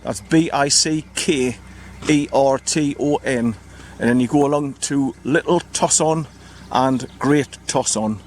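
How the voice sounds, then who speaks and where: Standing by his parked car in the countryside, a man narrates a casual walking vlog, chatty and rambling, spelling out place names as he goes. He speaks slowly at a medium pitch, with slight background noise.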